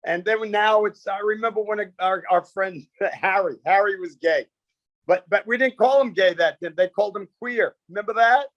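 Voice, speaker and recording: A man's voice: sits high, normal speed, fairly bright tone, dry recording, dull audio. A man, a comedian guest, telling stories with punchy quoted bits and lots of animation.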